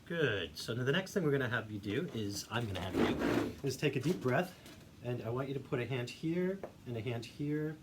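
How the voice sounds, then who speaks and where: A male voice teacher calmly guiding a singing warmup, giving encouraging instructions. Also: mid-range voice, brisk. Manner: demonstrates hums and vocal sounds. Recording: faint background noise.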